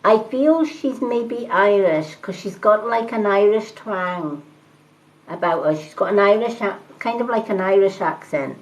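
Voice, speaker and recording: A woman doing live-stream tarot readings, talking calmly and reassuringly and greeting viewers by name. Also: medium pitch, measured pace, lo-fi sound. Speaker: tarot reader and medium.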